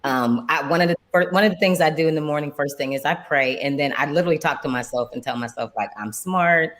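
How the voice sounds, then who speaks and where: A woman's voice: low-pitched, fast talker, fairly bright tone. A woman speaking as a panelist, sharing her daily habits in a candid, conversational way. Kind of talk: casual panel discussion.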